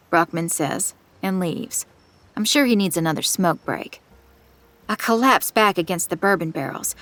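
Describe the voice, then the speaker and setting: A woman's voice: on the low side, animated, moderate pace, fairly bright tone, no echo. A woman narrating in the first person with tense, suspenseful delivery, on a close studio mic. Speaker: audiobook narrator.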